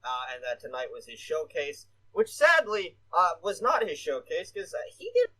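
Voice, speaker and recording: A man co-hosting a casual podcast in a slightly high voice, rambling along with plenty of "uh" fillers and the odd casual swear. He talks loosely, the way friends chat about last night's show. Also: huge pitch swings, normal speed, pushed and bright, low-quality recording. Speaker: podcast co-host.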